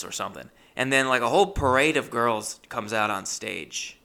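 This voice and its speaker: A man's voice: fairly low pitch, expressive, a little fast, vocal fry, few pauses, pushed and bright. A man telling a rambling, awkward, self-deprecating comic story with many restarts. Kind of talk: stand-up storytelling.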